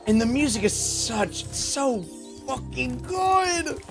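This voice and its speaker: This game streamer has a very high, expressive voice and talks slowly, with music playing behind him. He chats with his viewers on a desk mic, breaking into melodramatic bursts of mock whining.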